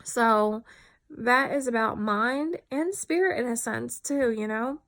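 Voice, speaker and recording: A woman's voice: a little high, slow pace, a bit bright. A tired woman talking candidly in a personal vlog, reflective and full of fillers. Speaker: vlogger.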